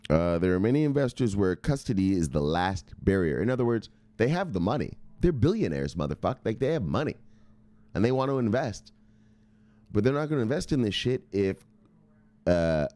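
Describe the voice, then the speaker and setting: A man's voice: fairly low pitch, no echo. A man hosting a crypto news channel who reads from articles, stumbles over words, then rambles, swears and pushes harder as he goes, sounding a bit tipsy. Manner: rambling, swearing, pushy, gets louder and more excited. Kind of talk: casual profane market commentary.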